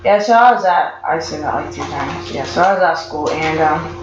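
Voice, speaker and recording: A man's voice: fairly high pitch, moderate pace, soft background music. A teenage boy telling a school story in a casual vlog, rambling with lots of fillers, stuttering and restarting his sentences. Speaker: vlogger. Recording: echoey lo-fi room with noise.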